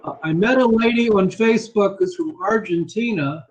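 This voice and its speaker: A man's voice: high voice, moderate pace, highs cut off. A man who is a native English speaker, tutoring English in a casual conversation over a video call, emphatic and repeating his key phrases.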